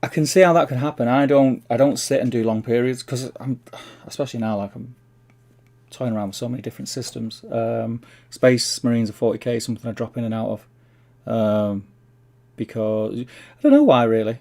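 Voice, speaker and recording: A Mancunian man hosts a relaxed livestream in a low, gravelly voice with a warm, mellow tone. He rambles along with easy, chummy asides between comments. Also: a little fast. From Manchester, England. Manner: rambling, reads chat aloud, chummy "mate". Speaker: livestream host. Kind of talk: casual livestream chat.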